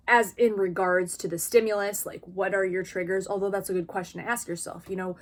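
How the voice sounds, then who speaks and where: A woman vlogger talking frankly and expressively to camera about her own experience, in a casual personal style. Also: mid-range voice. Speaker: vlogger sharing lived experience.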